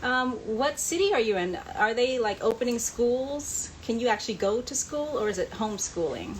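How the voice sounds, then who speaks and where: A woman hosting a live online chat, answering fan questions and reading out comments in a relaxed, chatty way. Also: a little high, moderate pace, a little hiss or hum, poor audio. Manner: chatty, reads out viewer comments, laughs often.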